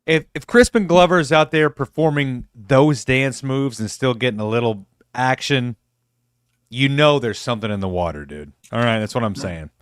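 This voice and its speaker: A man's voice: medium pitch, normal speed, clean tone. A man co-hosting a casual livestream movie chat, telling laid-back, boastful stories. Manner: laid-back, boastful storytelling, calls people "baby". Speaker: podcast co-host.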